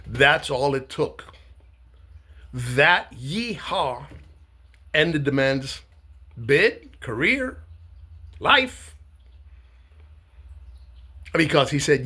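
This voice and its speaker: A man with a gravelly, husky voice talks slowly to camera in a sarcastic monologue. His pitch rises and falls a lot, and he pads his sentences with many filler sounds. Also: expressive, bright, forceful tone. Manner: rambling, lots of uh and um, sarcastic. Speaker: commentator.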